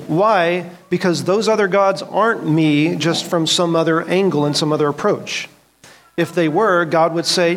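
A man's voice: on the high side, fairly even intonation, a little slow. Earnest man teaching a church class. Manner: earnest, asks the room questions, quotes scripture.

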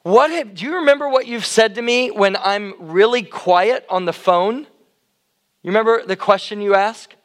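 Loud, high-pitched middle-aged male pastor, conversational sermon, questions the congregation. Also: measured pace. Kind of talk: interactive sermon.

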